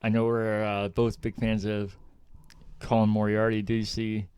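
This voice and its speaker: A man's voice: lowish voice, completely flat delivery, moderate pace, a little mellow, clean tone, no echo. A man co-hosting a casual podcast, talking in an easygoing way and steering the conversation to new topics. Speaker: podcast co-host. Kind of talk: casual chat. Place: remote recording, like a video call.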